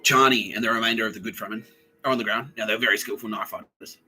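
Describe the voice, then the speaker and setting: A man hosting a comedy podcast, rambling and profane as he retells scenes and acts them out in quick voices. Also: on the low side, fairly even intonation, bright, forceful tone, poor audio. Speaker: podcast host. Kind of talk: comedic monologue.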